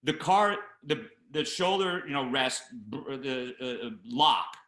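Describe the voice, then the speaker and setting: A man with a bright, forceful voice spins a story in a casual interview, jumping into loud, acted-out quotes of the people in it. The room around him rings with echo. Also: mid-range voice, slow. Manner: animated anecdote teller, acts out shouting voices. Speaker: film producer, interview guest.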